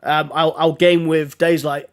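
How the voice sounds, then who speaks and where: A man chatting casually as a podcast guest, hoarse from a throat infection, talking in a friendly, rambling way with frequent laughs. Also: on the high side, little pitch movement, unhurried. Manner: chatty, laughs often, restarts. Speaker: guest streamer.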